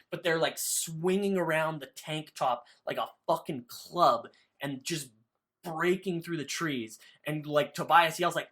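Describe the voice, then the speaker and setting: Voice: medium pitch, fairly bright tone. A podcast co-host recapping a book in casual chat, loose and profane, full of "like" fillers.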